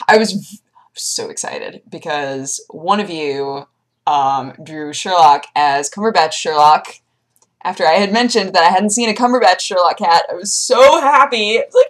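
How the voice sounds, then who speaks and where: A young woman vlogger chatting casually, telling animated stories and jumping into high squeaky voices for her pets. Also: fairly quick. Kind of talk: casual chat.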